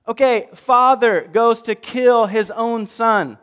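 A man preaching a lively, jokey story sermon, swinging between loud bursts and hushed asides. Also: extremely high pitch, slow pace, smooth, in a large hall. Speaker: pastor.

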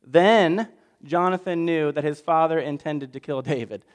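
A man preaching a lively, jokey story sermon, swinging between loud bursts and hushed asides. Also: a little high, moderate pace, big-room sound, a little hiss or hum. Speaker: pastor.

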